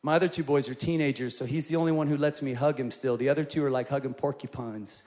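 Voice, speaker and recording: A man in his forties preaching a sermon, telling personal stories in an animated way and rising to loud, emphatic peaks. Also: mid-range voice, fast. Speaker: pastor.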